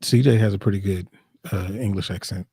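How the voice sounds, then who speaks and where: A man's voice: low-pitched, a little fast, dark tone, breathy edge, no room sound. A man co-hosting a casual live stream, laid-back and agreeable, often laughing along. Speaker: co-host.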